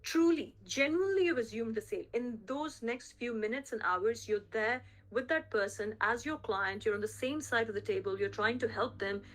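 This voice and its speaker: A woman leads a sales team through a coaching call in a voice pitched a touch high. She speaks emphatically, hammers her key points home by repeating them, and keeps asking the team whether they are following. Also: moderate pace, hardly any pauses, fairly bright tone. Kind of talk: coaching session on a group call.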